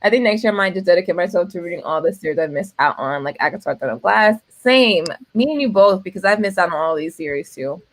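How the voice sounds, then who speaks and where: A woman's voice: lowish voice, expressive, quick pace, hardly any pauses. A young woman with an East Coast American accent co-hosting a livestream, chatty and self-teasing, laughing often. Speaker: readathon co-host. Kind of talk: casual livestream chat.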